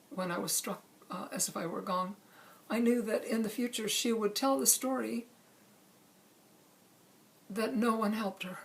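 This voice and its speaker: Calm woman telling a personal story. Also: on the high side, vocal fry. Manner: calm, measured storytelling with pauses. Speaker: speaker sharing a personal story.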